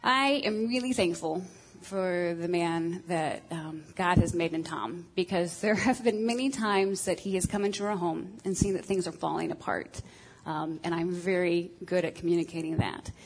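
A woman's voice: on the low side, normal speed, husky, low-quality recording. A woman giving a frank, self-deprecating talk on marriage to a group, with many ums and uhs. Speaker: speaker on marriage. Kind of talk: candid talk to a group of women.

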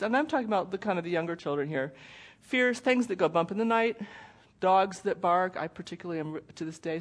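A middle-aged woman giving a parenting presentation in a conversational way, intense without raising her voice. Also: mid-range voice. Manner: conversational, acts out quoted voices. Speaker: parenting speaker. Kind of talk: presentation talk with slides.

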